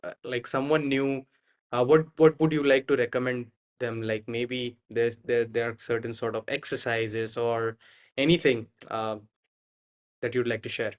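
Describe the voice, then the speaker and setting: Male podcast host, mid-pitched, feels his way through questions. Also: level tone. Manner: halting, searching questions. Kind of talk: interview questions.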